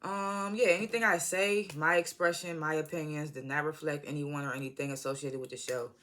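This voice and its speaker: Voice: mid-range voice, fairly even intonation, a little fast, pushed and bright. An American vlogger giving a loose, slangy TV episode review into a phone, full of asides and self-corrections. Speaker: TV show reviewer. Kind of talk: casual rambling video review.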